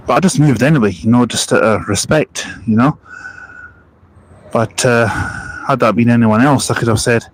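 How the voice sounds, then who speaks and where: A man's voice: mid-range voice, normal speed, low-quality recording. A man live streaming, casually recounting a bus encounter in a conversational way with frequent fillers. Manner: conversational, frequent "you know" and "but, uh".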